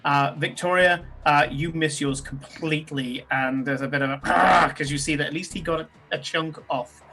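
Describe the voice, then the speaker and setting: A man's voice: on the high side, fairly even intonation, moderate pace, background noise. A man narrating as game master in a tabletop game, talking loosely with fillers and restarts. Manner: loose, descriptive, many ums and restarts.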